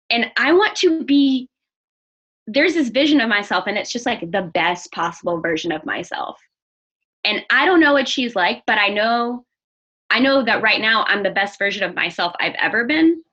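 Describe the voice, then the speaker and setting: Bright earnest young woman, candid interview guest, slightly muffled lo-fi sound. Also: mid-range voice, expressive, moderate pace, breathy edge. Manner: earnest, open, restarts often. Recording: dull lo-fi audio.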